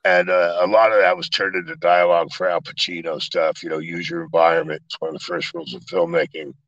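A middle-aged man, a guest actor, telling animated, profane stories in an interview. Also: low-pitched, fast, dry recording, muffled recording. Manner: animated, profane storytelling with acted quotes. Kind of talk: storytelling interview.

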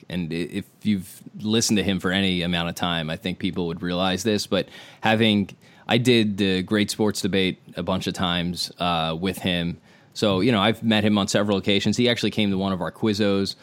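Rambling podcast host man, lowish voice. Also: normal speed. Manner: rambling, animated retelling with quoted dialogue. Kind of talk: casual podcast chat, storytelling.

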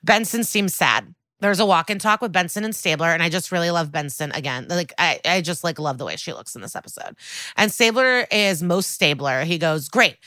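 A woman's voice: fairly low pitch, brisk, no echo. A woman co-hosting a podcast, recapping a crime TV episode in casual chat, quoting characters and swearing freely. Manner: swearing, lively recap with quoted dialogue.

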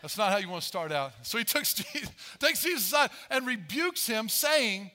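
A man preaching a sermon as pastor, animated, acting out Bible voices as he tells the story. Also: high-pitched, moderate pace.

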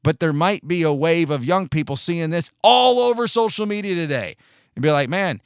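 A sarcastic man riffs through an opinion monologue with blunt, casual swearing and halting restarts. His voice sits a bit higher than most men's, and the sound is dry and close with no room echo. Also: expressive, smooth. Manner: halting restarts, mocks others with shouted put-on outrage. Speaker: commentator.

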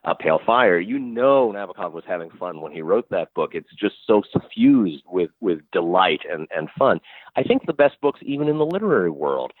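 A man talking as a guest in a conversational interview, animated and chatty with wry asides. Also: low-pitched, moderate pace, no room sound, phone-quality sound. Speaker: guest, crime fiction publisher and writer.

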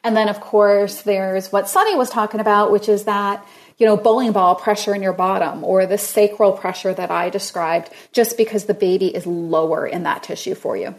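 A woman on a podcast panel in casual chat, telling stories in an animated way and acting out quotes. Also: medium pitch, normal speed. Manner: animated storyteller, acts out quotes.

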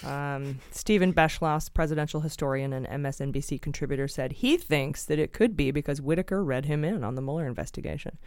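A woman's voice: low voice, fairly quick, few pauses, a little mellow, clean tone, dry recording. Wry, chatty woman podcast host. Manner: chatty and wry, with frequent laughs. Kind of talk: casual podcast banter.

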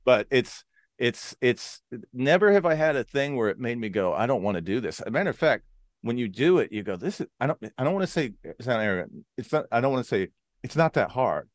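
A man from Arizona, a comedian guest, telling stories in a casual podcast chat with an animated delivery, now and then jumping into voices. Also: mid-range voice, brisk, no echo, clean studio sound. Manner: animated storyteller, jumps into character voices.

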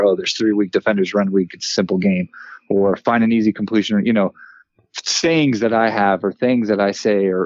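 Laid-back guy on a podcast, lowish voice, dull dry sound, calm and level. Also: dry recording. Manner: even-keeled, relaxed storytelling with many fillers. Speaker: podcast guest, former player and coach. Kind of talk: casual podcast chat.

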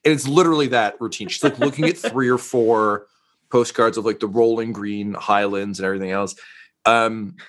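A man running a tabletop game, narrating scenes in a loose, joking way full of ums and uhs. His voice sits on the low side. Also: fairly even intonation, moderate pace. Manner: rambling, filler-heavy, jokey. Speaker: game master.

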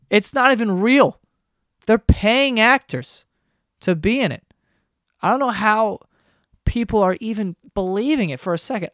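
A man's voice: high voice, dry recording, clean studio sound. A man hosting a podcast, ranting casually with lots of swearing and sarcasm. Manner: profane, sarcastic, animated ranting. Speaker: podcast host.

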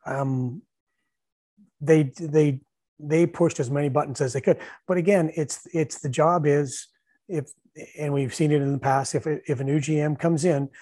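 Man, middle-aged, former coach, husky, slightly high voice, dry close sound, animated storytelling. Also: no room sound. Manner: animated storyteller, laughs often, acts out shouted bench calls. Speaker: former hockey coach, podcast guest. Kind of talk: casual storytelling chat.

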